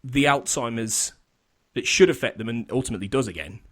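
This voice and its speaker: Brief: male podcast host, mid-pitched, loose, rambling chat full of restarts and laughs. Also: a little fast, a bit bright. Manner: rambling, self-interrupting, laughs often.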